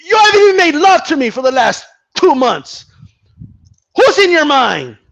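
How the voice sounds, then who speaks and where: A man's voice: very animated, moderate pace, creaky, a bit bright, full character voice. A man putting on the voice of a suspicious, jealous girlfriend who shrilly demands answers. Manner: accusing, shrill.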